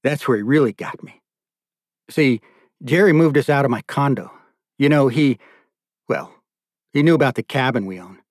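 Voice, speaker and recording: A man's voice: medium pitch, moderate pace, long pauses, no room sound, studio quality, natural voice. A man doing a broken, cursing survivor. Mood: anguished. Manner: raw, profane, bitter outpouring. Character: tormented adult man reliving abuse.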